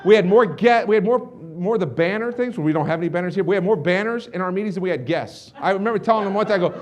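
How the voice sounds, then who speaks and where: A middle-aged man speaking to an audience as a motivational speaker, his voice sitting a little high for a man. He rattles through his story at a rapid clip and swings from hushed, confiding moments to loud outbursts. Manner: intense, swings from hushed to shouting. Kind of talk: energetic storytelling speech.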